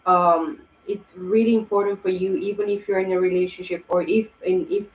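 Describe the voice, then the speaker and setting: Her voice low and level, a woman rambles through a casual tarot reading at normal speed, heartfelt and packed with fillers and restarts. The room is echoey, with a faint hiss and the highs cut off.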